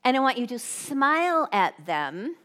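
Brief: bright-voiced woman speaker, forties, animated sermon style, slightly high. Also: measured pace. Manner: bubbly and animated, dropping to hushed tones. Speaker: women's ministry speaker. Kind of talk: sermon to a live audience.

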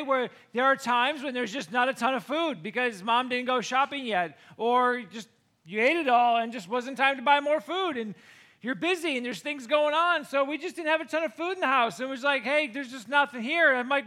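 A middle-aged man tells a homey story straight to camera in a high, bright voice. He is animated and jumps into the voices of the people in the tale. It stays casual and chatty throughout. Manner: animated, acts out quoted voices with big swings. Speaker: vlogger.

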